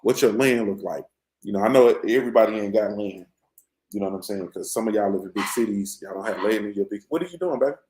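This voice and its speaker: A man's voice: on the low side, fast, darkish tone, echoey room, a little hiss or hum, low-quality recording. A man hosting a boxing morning show from a room at home, chatting casually in a loose, rambling, slang-heavy way into his computer's mic. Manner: laid-back, rambling, slangy.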